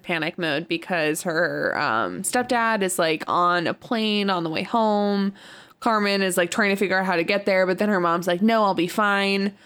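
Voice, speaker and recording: A woman's voice: medium pitch, a bit bright, clean tone. Chatty woman co-hosting a podcast. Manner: chatty, fills with "like", swears casually. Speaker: podcast co-host. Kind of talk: casual chat recapping a movie.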